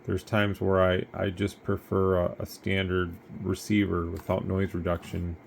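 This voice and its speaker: A man's voice: low voice, monotone, measured pace, vocal fry, a little hiss or hum. A man casually demonstrating a radio, rambling in an easygoing way and sounding tired. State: tired, yawning. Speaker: radio seller demonstrating gear. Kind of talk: casual product demo.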